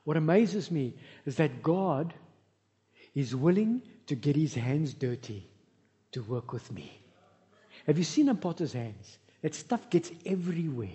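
Pastor guy preaching in a church hall, funny stories, soft warm tone, echoey. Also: a little high, unhurried. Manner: lively storytelling with humorous asides. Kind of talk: sermon. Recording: reverberant hall, dull lo-fi sound.

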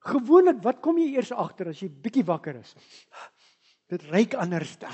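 South African woman preacher, mellow dark voice, dull lo-fi recording, soft asides then loud emphasis. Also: medium pitch, very animated, normal speed, slightly rough. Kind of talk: sermon.

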